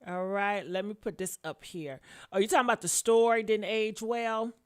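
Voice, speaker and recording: A woman's voice: mid-range voice, fairly even intonation, normal speed, smooth. A woman hosting a casual gossip commentary show, blunt and sassy, calling her listeners honey and swearing freely as she reads comments. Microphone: camera mic with headphones on.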